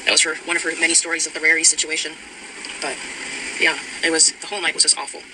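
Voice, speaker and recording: A woman's voice: sits low, flat delivery, fast. A woman recounting a personal account in a voice note, hesitant, with many ums and restarts. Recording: voice note with loud background noise.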